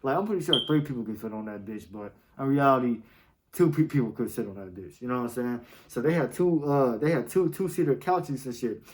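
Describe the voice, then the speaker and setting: A man's voice: mid-range voice, lively intonation, fairly quick, darkish tone, poor audio. A young man, telling a story in casual, slang-heavy talk and often asking "you feel me.". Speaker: storytime vlogger.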